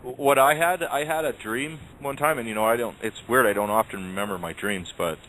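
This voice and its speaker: A man's voice: mid-range voice, fairly quick, fairly bright tone, low-quality recording. A man chatting casually on an internet radio show, rambling with many restarts. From Canada. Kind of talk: casual chat. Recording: faint background noise.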